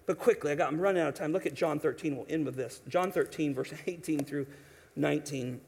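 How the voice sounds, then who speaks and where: Male pastor, higher-pitched voice, lively sermon delivery with restarts. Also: brisk, gravelly, husky. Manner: animated preaching with quoted voices and restarts.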